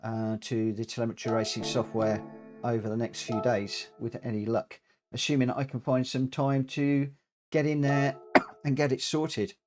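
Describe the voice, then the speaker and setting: A man's voice: mid-range voice, flat delivery, normal speed, a little mellow, soft background music. A man chatting casually as he live-streams a racing game, greeting viewers and poking fun at himself, his voice worn from coughing and short of breath. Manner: chatty, self-deprecating, greets chat viewers.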